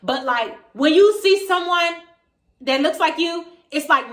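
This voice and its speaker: A woman from Maryland with a Washington D.C. area accent, talking casually and emphatically to camera with slangy, lively delivery. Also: very high voice, normal speed, echoey room. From Maryland, USA. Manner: animated, emphatic, slangy, quotes other voices. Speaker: vegan vlogger. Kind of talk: casual direct-to-camera talk.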